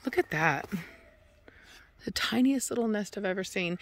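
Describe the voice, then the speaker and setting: A woman's voice: mid-range voice, animated, normal speed, long pauses, no room sound, studio quality. A woman, chatting casually outdoors on her property into a handheld phone, rambling with lots of "like" and "um". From Texas. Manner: rambling and chatty, full of "like" and "um", breaks off to yell for her dogs. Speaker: dog kennel owner. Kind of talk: casual vlog chat.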